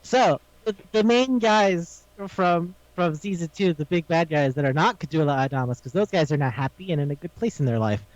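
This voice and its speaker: A man's voice: a little high, normal speed, hardly any pauses, no room sound, lo-fi sound. A man co-hosting a podcast, animatedly retelling an anime episode and acting out the lines with frequent laughs. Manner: animated storytelling, acts out quotes, laughs often. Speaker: podcast co-host. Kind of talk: casual chat recapping an anime.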